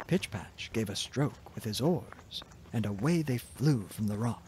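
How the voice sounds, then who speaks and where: A man narrating a fairy tale in a soft, gentle, expressive reading voice. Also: medium pitch, a little hiss or hum. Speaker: storyteller.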